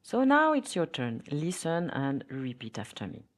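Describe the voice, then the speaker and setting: A woman's voice: sits low, wildly swooping pitch, moderate pace. A woman with a French accent teaching a podcast language lesson, modelling words carefully for listeners to repeat.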